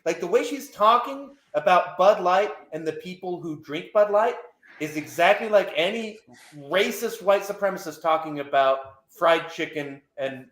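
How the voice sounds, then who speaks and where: Brief: forties male co-host, opinionated and rambling, roomy echo. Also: a little high. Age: 40s. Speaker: podcast co-host. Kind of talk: casual chat.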